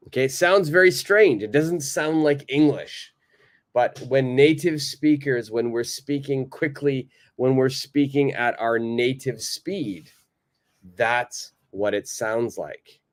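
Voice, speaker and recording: Slow, patient North American male teacher. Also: mid-range voice. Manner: slow, patient, repeats phrases for learners to copy. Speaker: English teacher. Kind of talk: live online English lesson.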